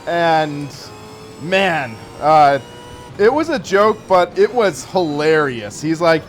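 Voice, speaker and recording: A young man in his early twenties chatting casually over a live racing-game session. He reads out viewer messages and wanders between stories, and his voice sits a bit high for a man. Soft music plays faintly in the background. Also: very animated, takes it slowly. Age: early 20s. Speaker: sim racing streamer. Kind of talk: casual live gameplay commentary.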